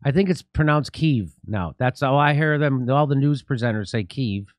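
A middle-aged man hosting a political commentary show, talking in a sarcastic, mocking way and slipping in deadpan jokes. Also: medium pitch, normal speed, dry recording. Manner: mocking, deadpan jokes, laughs at own lines. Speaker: host.

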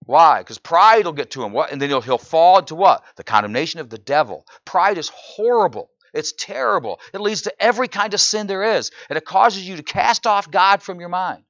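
A pastor preaching a sermon in church, often asking the congregation "right?" and building to loud, incredulous exclamations. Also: male voice, high-pitched, brisk, few pauses, dry recording, dull audio. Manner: animated preaching, frequent "right?" asides to the congregation.

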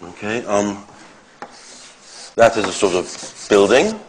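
A man giving an academic lecture, explaining step by step in short phrases with pauses. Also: fairly low pitch, sing-song, very noisy.

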